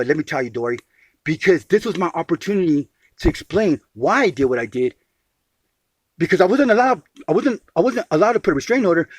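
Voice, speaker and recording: Over the phone, a high-pitched man pours out a long grievance in an agitated way, with no echo on the recording. He is emphatic, keeps restarting and repeating words, and addresses the listener as sweetie.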